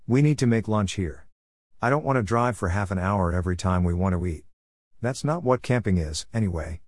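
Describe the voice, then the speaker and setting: A man's voice: lowish voice, lively intonation, brisk, darkish tone, no room sound, clean studio sound. A man reading a story, voicing a patient but firm grandmother on a camping trip.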